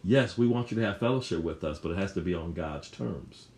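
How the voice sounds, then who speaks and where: A man's voice: low-pitched, expressive, fairly quick, a little mellow, slight background noise. A man preaching a sermon, emphatic and repetitive, often restarting his phrases.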